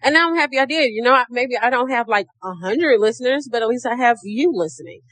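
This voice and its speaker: Woman podcast host, middle-aged, AAVE, croaky tone, pitched a bit high, motivational and chatty. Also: fast talker, fairly bright tone, no room sound. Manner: encouraging, calls listeners baby and sis; acts out her own thoughts in a higher voice. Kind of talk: casual motivational podcast talk.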